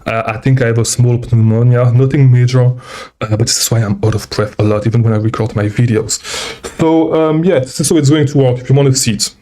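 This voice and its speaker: The speaker is a seller coach running a casual live stream while traveling, answering viewer questions indoors. Short of breath, he rambles and keeps adding "okay?" in a medium-pitched, dark-toned voice.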